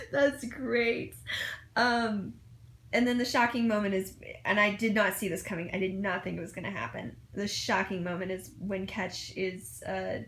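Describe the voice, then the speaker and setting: A woman's voice: medium pitch, a little slow, slight background noise. Gushing woman reviewing fan fiction, echoey room. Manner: gushing, excitable, many fillers and restarts.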